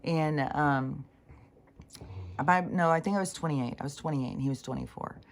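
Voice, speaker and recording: A woman's voice: low voice, normal speed. A woman in her sixties talking in a rambling, frank monologue full of fillers and restarts. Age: 60s. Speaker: spiritual channeler. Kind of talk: casual monologue.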